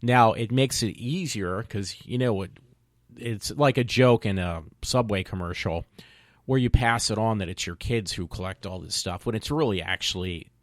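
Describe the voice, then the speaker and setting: A man's voice: fairly low pitch, normal speed, no room sound, clean studio sound. A man hosting his own solo podcast in a casual, rambling way, with many ums and self-corrections. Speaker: podcast host. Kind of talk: casual solo talk show.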